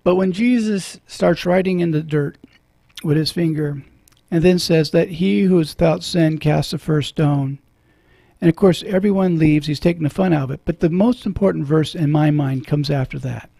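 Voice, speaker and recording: A man's voice: a little high, normal speed, gravelly, warm tone, no room sound. A middle-aged man hosting a radio talk show from a studio, earnest and preacherly, moved when he quotes scripture.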